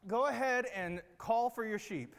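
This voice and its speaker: A man's voice: very high-pitched, measured pace, fairly bright tone, clear, resonant tone. A man leading a children's church group activity, giving upbeat, coaxing instructions and checking often that the kids understand. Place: large room with a platform. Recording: long reverb of a big hall.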